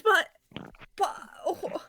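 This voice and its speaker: A woman playing a tabletop game in casual chat, excitable and brash. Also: drawn-out words, faint music behind. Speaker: player.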